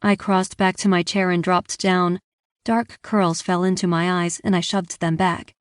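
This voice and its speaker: A woman's voice: on the low side, unhurried, smooth, no room sound, clean studio sound. A woman reading a first-person romance audiobook, telling the story evenly and giving the dialogue some lift. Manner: even, engaged storytelling with lively dialogue. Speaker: audiobook narrator.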